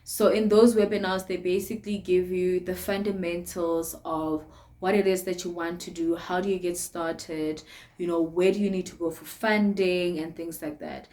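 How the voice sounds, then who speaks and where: A woman's voice: fairly low pitch, little pitch movement, normal speed, darkish tone. A young woman with a South African accent chatting casually to camera in a sit-down vlog, laughing often between phrases. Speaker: vlogger.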